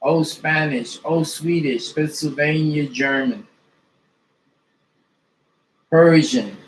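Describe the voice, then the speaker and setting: A man slowly reading a list of dictionary abbreviations and language names aloud, one item at a time. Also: a little high, slight background noise. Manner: slow, deliberate list reading. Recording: echoey room.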